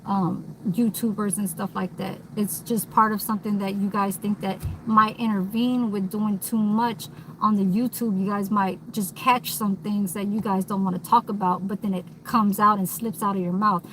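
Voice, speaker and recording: A woman's voice: medium pitch, steady tone, normal speed, slight background noise, low-quality recording. A woman vlogging in a candid, rambling monologue, blunt and swearing freely, recorded inside a vehicle.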